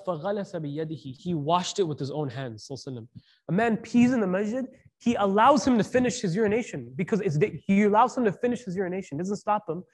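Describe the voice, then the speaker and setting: A man's voice: high-pitched, a little mellow. A man giving a conversational sermon, asking the audience questions and mixing in slang. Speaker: preacher.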